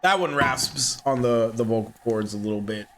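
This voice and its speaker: A man's voice: medium pitch, moderate pace, fairly bright tone, a little hiss or hum. A man streaming a video game, chatting casually with playful, reactive commentary.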